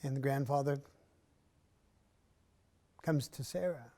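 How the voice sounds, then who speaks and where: A man performing a traditional story in an arts center, measured and unhurried, with long pauses and often dropping to a soft voice. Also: medium pitch.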